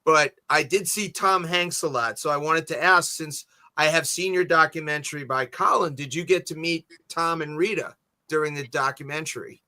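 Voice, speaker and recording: A man hosting a casual interview, asking halting questions full of fillers. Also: on the high side, bright, forceful tone. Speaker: host.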